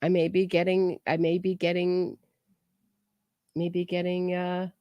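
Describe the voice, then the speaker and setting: A woman's voice: lowish voice, completely flat delivery, measured pace, dark tone, no room sound. A woman commentating on trial footage in a chatty way, often restarting and trailing off mid-thought. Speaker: true crime commentator.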